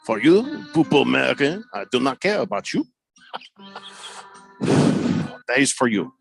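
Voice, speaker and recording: A man's voice: mid-range voice, big pitch swings, a little slow, creaky, husky, soft background music, exaggerated voice. A man voicing a haughty, taunting Frenchman in an exaggerated fake French accent for a comic radio bit. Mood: haughty mocking. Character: smug mocking Frenchman, adult male.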